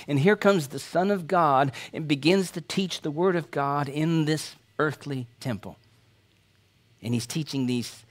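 A man's voice: fairly high pitch, a bit bright. A man preaching an expository sermon as pastor, speaking in a conversational, emphatic way and often checking in with his listeners.

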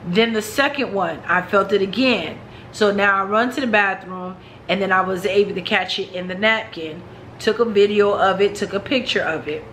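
A woman's voice: mid-range voice, normal speed, a bit bright, slight background noise, rough recording. A woman vlogger telling a personal story in a frank, chatty way, talking straight to her viewers.

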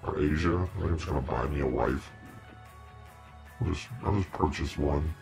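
A man's voice: extremely low pitch, moderate pace, creaky, darkish tone, soft background music. A man hosting a casual livestream in a demon persona, rambling and joking while talking to his viewers.

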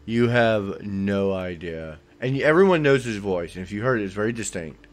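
Low-voiced man in casual chat. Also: lively intonation, normal speed. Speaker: podcast co-host.

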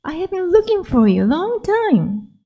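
A woman voicing an innocent, kind little girl who calls out in a high voice. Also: sing-song, normal speed, lo-fi sound, full character voice. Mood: calling, eager. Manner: high calling voice.

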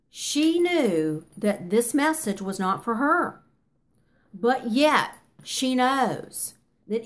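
An older woman teaching a Bible study in an earnest, emphatic voice. She pushes her points hard, stops now and then on ums, and corrects herself as she goes. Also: mid-range voice. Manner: earnest, emphatic, with frequent fillers and self-corrections.

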